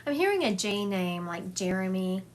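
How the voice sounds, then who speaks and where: A woman's voice: mid-range voice, very animated, moderate pace, slight background noise. A woman psychic medium giving a chatty livestream reading, relaying and acting out spirit messages for her viewers. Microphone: phone livestream.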